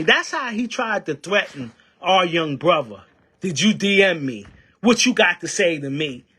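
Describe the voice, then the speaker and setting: A man's voice: high voice, sharp tone, breathy edge. A man giving fiery, preacher-like union commentary packed with rhetorical questions. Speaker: union member and activist. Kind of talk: impassioned political commentary.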